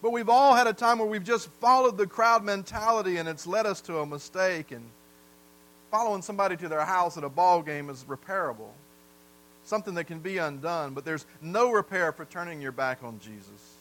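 A pastor from the American South preaches a sermon in a folksy storytelling style, putting questions to the congregation. His voice is high-pitched, brisk and fairly bright, captured in a rough recording.

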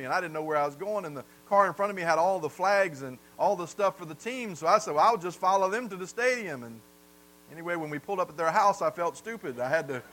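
A man's voice: on the high side, fairly bright tone, slight background noise, low-quality recording. A man from the South, preaching a sermon in a folksy storytelling way and putting questions to the congregation. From American South. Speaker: pastor.

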